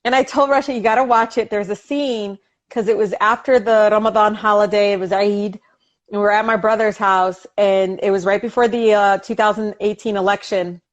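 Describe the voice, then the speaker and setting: A woman politician chatting as an interview guest over a video call, telling animated stories, laughing often and acting out family dialogue. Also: medium pitch, a little fast, muffled recording.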